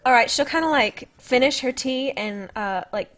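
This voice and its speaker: Bright-voiced woman playing a game. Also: high-pitched, normal speed. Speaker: player. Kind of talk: tabletop role-play, casual.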